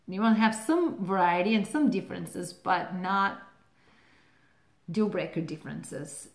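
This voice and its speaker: A woman hosting a relationship advice channel, talking casually to the camera, laughing often and using lots of "like" fillers. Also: medium pitch. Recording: roomy echo.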